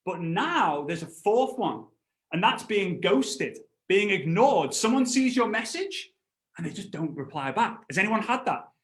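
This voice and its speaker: Man, thirties, motivational trainer, high voice, roomy echo. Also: very animated, a little slow. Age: 30s. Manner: storytelling, acts out voices, shouts and laughs. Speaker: network marketing trainer. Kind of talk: animated motivational training talk.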